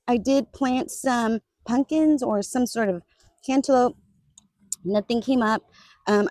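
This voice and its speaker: A woman's voice: mid-range voice, a little mellow, no echo, studio quality. A woman casually touring her garden for viewers, chatty and upbeat, often calling out to "you guys" and laughing as she talks. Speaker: garden vlogger. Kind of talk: casual garden tour vlog. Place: outdoors in a garden.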